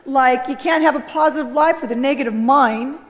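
A woman giving an animated personal testimony and acting out the voices of others. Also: high-pitched, a little fast. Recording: long hall reverb.

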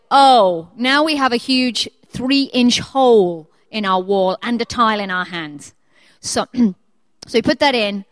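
A woman preacher in her thirties telling a chatty personal story with animated quoted voices before turning to her sermon. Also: sits high, dry recording.

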